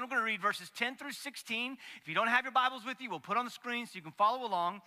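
A man's voice: very high voice, fast, hardly any pauses, sharp tone. A man preaching a sermon as pastor, folksy and joking, with asides to the congregation. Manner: folksy and joking, acts out story voices. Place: church sanctuary. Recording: long hall reverb.

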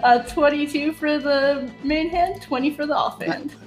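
Young female player, slightly high voice, playful, music faint behind. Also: steady tone. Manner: playful, giggly, quick reactions. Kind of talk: casual tabletop game play.

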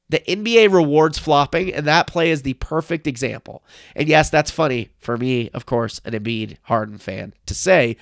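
A young man hosting a solo sports podcast, recapping a game in emphatic, excitable fan talk into a close mic. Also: a little high, no echo. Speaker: podcast host.

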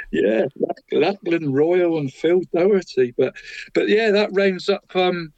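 A man's voice: high-pitched, unhurried, creaky, a little mellow, no echo, dull audio. A man co-hosting a casual local football podcast, reading results in a chatty way and tagging nearly every line with "mate". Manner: chatty, tags nearly every line with 'mate', chuckles at his own jokes. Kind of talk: casual sports chat.

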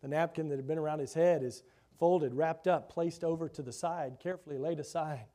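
A man's voice: steady tone, a little fast. Man preaching with rising, swelling emphasis. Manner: swells loud and high for emphasis, drops soft and low; reads scripture then expounds with rhetorical questions. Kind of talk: sermon.

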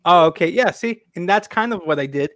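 A man's voice: high voice, expressive, a little fast, fairly bright tone, dry recording. A man hosting a casual podcast chat, rambling with many restarts and fillers. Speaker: podcast host.

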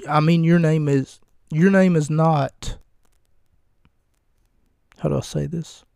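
A man's voice: a little high, fairly even intonation, slow, gravelly, a little mellow, no echo, studio quality. A man hosting his own podcast, recapping and bantering in a wry, rambling, profane, self-mocking way. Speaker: podcast host.

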